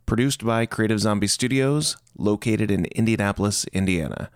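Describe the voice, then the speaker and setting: A man reading a scripted podcast intro in a steady, measured way. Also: lowish voice, smooth, dry recording, studio quality. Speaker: announcer.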